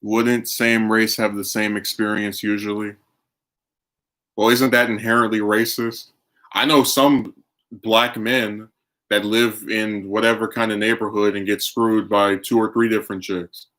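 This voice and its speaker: A man's voice: lowish voice, flat delivery, a little slow, fairly bright tone. A man streaming, chatting casually and arguing his opinions while reacting to his chat. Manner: opinionated, argumentative.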